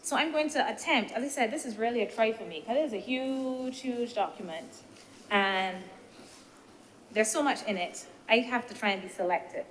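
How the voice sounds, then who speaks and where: A woman senator giving a measured, deliberative speech in a senate debate, posing rhetorical questions as she weighs the points. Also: on the high side. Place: senate chamber. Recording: reverberant chamber with faint background noise.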